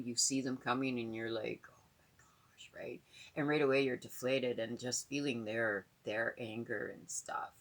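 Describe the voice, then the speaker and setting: A middle-aged woman with a low, husky voice talks to her viewers in a loose, rambling way. She is earnest and keeps circling back with fillers and repeated words. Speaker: vlogger. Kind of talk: casual talk to camera.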